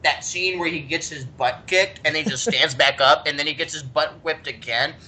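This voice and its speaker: A man co-hosting a podcast chats in an animated, storytelling way. His voice is bright and sits a little high for a man. He talks freely and with energy. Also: moderate pace, husky. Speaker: podcast co-host. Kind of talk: casual chat.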